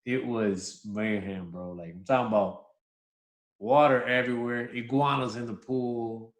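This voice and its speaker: Relaxed man bantering in an echoey room. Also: medium pitch, unhurried. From Dominican heritage. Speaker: podcast co-host. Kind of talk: casual chat.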